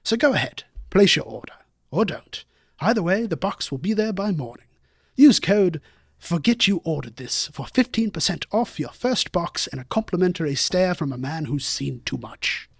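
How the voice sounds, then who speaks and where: A man voicing a nature-documentary narrator with a British accent, reading a fake ad in a hushed, dramatic way. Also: fairly high pitch, very animated, normal speed, vocal fry, slightly rough, no room sound, studio quality, full character voice. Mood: mock solemn.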